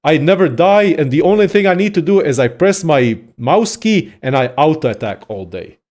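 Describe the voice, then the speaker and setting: A young man casually ranting about games in a profane, excitable, rambling way as a content creator. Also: a little high, moderate pace. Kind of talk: casual gaming rant.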